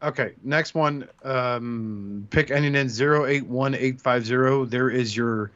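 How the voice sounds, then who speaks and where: A man's voice: medium pitch, measured pace, a bit bright. Blunt, sweary man with slightly dull audio. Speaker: podcast co-host. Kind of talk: casual profane chat about toys.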